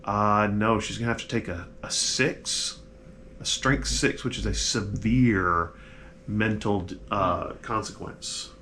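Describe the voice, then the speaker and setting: A man narrating a tabletop game as game master, halting and restarting his sentences. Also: lowish voice, steady tone, pushed and bright, a little hiss or hum. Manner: halting, full of restarts and fillers.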